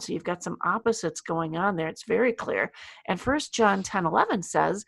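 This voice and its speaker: Low gravelly woman co-host. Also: normal speed, dry recording. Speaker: podcast co-host. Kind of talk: casual discussion and scripture reading.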